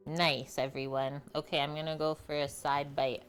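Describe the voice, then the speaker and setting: A woman's voice: deep voice, little pitch movement, moderate pace, smooth, soft background music. A woman hosting a cooking livestream, chatting casually with viewers and laughing easily. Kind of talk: casual chat with stream viewers.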